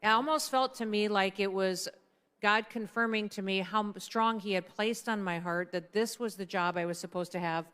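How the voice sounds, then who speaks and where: A middle-aged woman speaks at a dinner event, telling a personal story in a relaxed, conversational way. Her voice is smooth and clean, in a middle register, and she slips into the voices of the people she quotes. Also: medium pitch, normal speed. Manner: conversational, acts out quoted dialogue. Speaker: guest speaker at a political dinner. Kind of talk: anecdotal storytelling speech.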